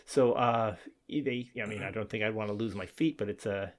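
A man's voice: fairly low pitch, moderate pace. A man co-hosting a casual film podcast, rambling and restarting his sentences, with a chuckle now and then. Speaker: podcast co-host.

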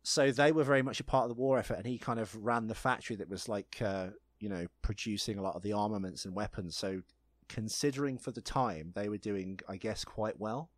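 A man's voice: lowish voice, fairly quick, no echo. A man co-hosting a podcast in casual chat, rambling and poking fun at himself. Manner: self-deprecating, jokey, rambling. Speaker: podcast co-host.

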